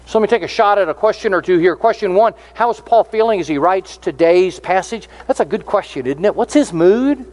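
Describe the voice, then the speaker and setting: A man's voice: high voice, animated, fairly quick, hardly any pauses, a little mellow. A man preaching a sermon, earnest and explanatory, reading out scripture verses as he teaches.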